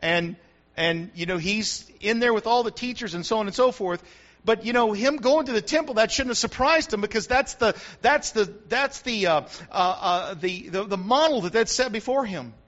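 A man's voice: sits high, normal speed, fairly bright tone, highs cut off. An older man from the United States, a grandfather and pastor, preaching a sermon with repetition and rising emphasis.

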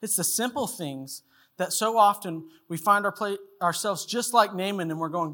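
Bright-voiced male pastor preaching. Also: sits high, normal speed. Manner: storytelling, acts out voices in anecdotes. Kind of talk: sermon.

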